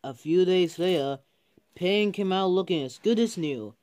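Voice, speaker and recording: A man narrating a homemade train story, halting often and restarting his sentences. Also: high voice, a little mellow. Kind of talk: improvised toy-train storytelling.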